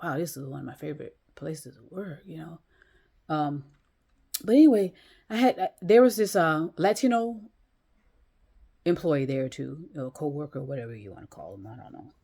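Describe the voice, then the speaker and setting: A woman's voice: deep voice, darkish tone, slightly rough. A woman talking casually to her viewers from a chair at home, rambling with many restarts and fillers and swearing bluntly. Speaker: vlogger. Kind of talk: casual monologue to camera. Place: small room at home, in a chair.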